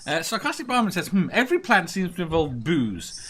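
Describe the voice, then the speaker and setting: A man hosts a relaxed group chat and reads out listener comments. His voice is bright and a little raised in pitch. He jokes around as he goes. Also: a little fast. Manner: joking, reads comments aloud. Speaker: podcast host reading listener comments.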